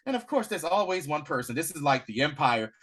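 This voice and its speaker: Animated man retelling a story. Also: a little high, a little fast, husky. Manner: animated storytelling, acting out characters' lines in slangy asides. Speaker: podcast co-host reviewing a series. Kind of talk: casual chat.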